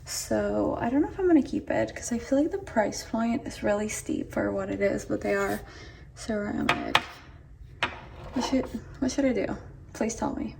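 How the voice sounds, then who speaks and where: A woman's voice: medium pitch, normal speed, creaky, noisy background. A young woman chatting casually at home as she vlogs about decorating, gushing and saying "y'all" often. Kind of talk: casual vlog chat. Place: at home indoors.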